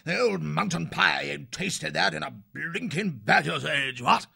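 A blustery, gluttonous hare. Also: male voice, on the high side, measured pace, creaky, pushed and bright, slightly rough, no echo, clean studio sound, pitched above the performer's own voice, exaggerated voice. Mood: satisfied. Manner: blustering, upper-class.

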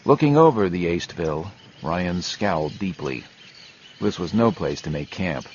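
Deep-voiced male audiobook narrator. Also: measured pace, dull audio, slight background noise. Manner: steady, grim storytelling. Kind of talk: scripted narration.

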